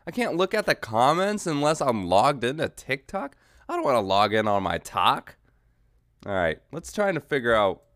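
A man's voice: medium pitch, very animated, normal speed, fairly bright tone, no room sound, studio quality. A man hosting a podcast, casually riffing and joking about video clips in a rambling, swearing manner. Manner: rambling, swearing, mocking riffs. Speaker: podcast host reacting to clips. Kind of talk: casual comedic commentary.

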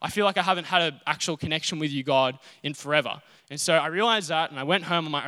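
A man preaching in an earnest, personal storytelling way. His voice is fairly high and bright. It rings out with a long reverb, as in a large hall or church. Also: fast talker, few pauses, clear, resonant tone. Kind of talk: sermon.

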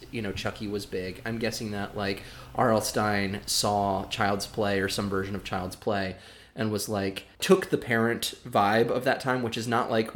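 A man co-hosting a podcast in casual chat, animated, with many fillers and laughs. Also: fairly low pitch. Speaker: podcast co-host.

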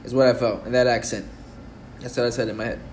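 A man's voice: medium pitch, little pitch movement, fast talker, darkish tone. A young man co-hosting a casual podcast, cursing and laughing through slangy banter. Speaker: podcast co-host. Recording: echoey room with faint noise.

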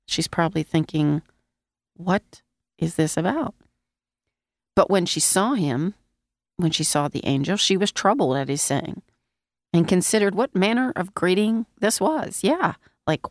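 Woman Bible teacher, low gravelly voice, unhurried sermon delivery, lozenge in her mouth. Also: lively intonation, dry recording, studio quality. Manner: conversational, asks the listeners questions.

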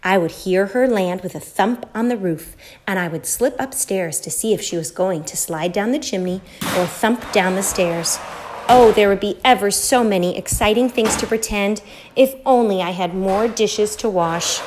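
A woman voicing a playful, kindly older lady in a storybook, speaking softly and confidingly. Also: mid-range voice, normal speed, background noise, lightly acted. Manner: soft, quiet and confiding.

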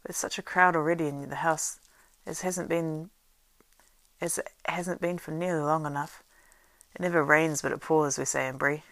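Woman voicing a fat bustling innkeeper man, loud fussy chatter, gravelly edge, dry close sound. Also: sits low, fairly even intonation, moderate pace, no room sound.

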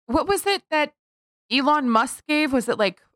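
A woman's voice: sits high, lively intonation, moderate pace, a bit bright, dry recording, clean studio sound. A woman co-hosting a casual podcast, laid-back and laughing easily, swearing casually. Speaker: podcast co-host.

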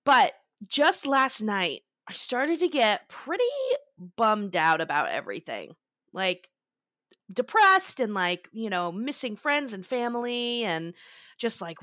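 A woman's voice: medium pitch, pushed and bright, dry recording. Woman co-host, casual podcast chat, weepy and candid, laughs a lot, dry close sound. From Florida, United States. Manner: chatty, laughs often, tearful and candid.

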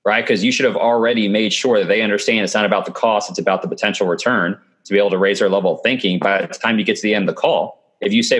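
A man's voice: on the low side, steady tone, racing, hardly any pauses, fairly bright tone. A man being interviewed over a video call, giving sales advice in a confident, coaching tone. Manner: confident, coaching tone with frequent "okay" and "right". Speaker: guest. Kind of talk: remote podcast interview.

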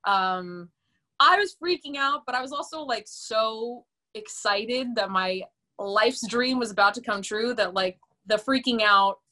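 A young woman with a bright, forward voice tells a story as a podcast guest. She is animated and chatty, full of fillers, and her pitch sits in the middle range. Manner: animated and chatty, many fillers, laughs often. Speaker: podcast guest, musical theater performer. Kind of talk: casual interview storytelling.

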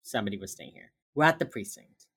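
Casual podcast co-host, a woman with a very deep voice, acting out scenes as she recaps them. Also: fast, breathy edge. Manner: animated retelling, acting out characters' lines, laughs often. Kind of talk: casual chat.

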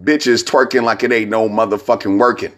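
A hungover man rambling in a casual vlog, profane and laughing, sending shout-outs. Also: on the low side, steady tone, a little fast.

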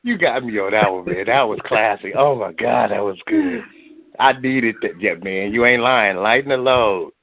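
A man's voice: fairly low pitch, expressive, normal speed, lo-fi sound. A man hosting an online poetry radio show, chatting casually and laughing helplessly between exclamations. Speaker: show host.

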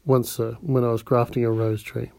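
A man's voice: mid-range voice, level tone, moderate pace, gravelly, a little mellow, dry recording, natural voice. A man voicing a proud, humble telegraph keeper in his fifties, answering plainly and earnestly in a storybook reading. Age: 50s. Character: proud elderly male telegraph keeper, gardener.

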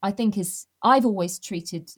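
Woman guest on a podcast, super expressive, goes quiet then loud, recording from home. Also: medium pitch, measured pace. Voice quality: animated, expressive storyteller, swings loud and soft. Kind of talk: casual interview chat.

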